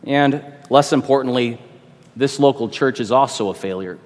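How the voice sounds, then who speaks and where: A man's voice: mid-range voice, normal speed, long reverb tail. A man who is a pastor, preaching an expository sermon with emphatic repetition and rhetorical questions.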